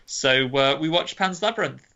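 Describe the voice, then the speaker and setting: Male co-host, bright tense tone, rambling casual delivery, muffled lo-fi recording. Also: fairly high pitch, animated, moderate pace. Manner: rambling, hesitant, lots of fillers. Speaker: podcast co-host. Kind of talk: casual chat.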